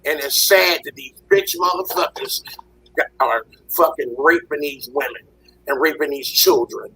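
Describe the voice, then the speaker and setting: A man with a hoarse, husky voice that still cuts through bright and sharp. He rants with heat, swearing freely in a casual panel chat, his throat audibly strained. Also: on the high side, unhurried, poor audio. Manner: heated, profane ranting. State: hoarse after illness.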